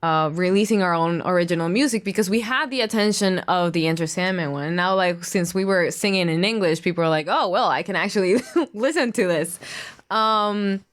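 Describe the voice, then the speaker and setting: A woman's voice: fairly low pitch, fairly quick. A young woman from Mexico, a native Spanish speaker with a Mexican accent, talking easily and laughing in an interview. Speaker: musician, band member. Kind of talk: interview answers.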